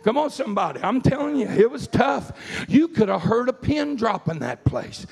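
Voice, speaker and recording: High-voiced preacher guy, raspy fry, hollering amens at a church service. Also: sing-song, normal speed. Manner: storytelling preacher, calls out "come on, somebody" and "amen"; rural Southern-style grammar, grows to shouting. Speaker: evangelist preacher. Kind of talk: sermon. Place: church sanctuary.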